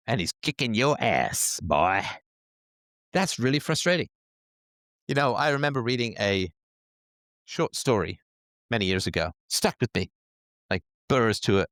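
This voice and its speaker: Sarcastic male livestream host, lively swooping voice, dry close sound. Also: medium pitch, dry recording. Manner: sarcastic, animated, crude humor. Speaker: podcast host. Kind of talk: livestream commentary.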